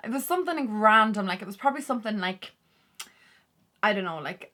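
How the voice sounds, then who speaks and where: A woman's voice: medium pitch, lively intonation, a little fast, sharp tone. A woman chatting candidly to camera as a vlogger, full of "like" fillers. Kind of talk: casual talk to camera.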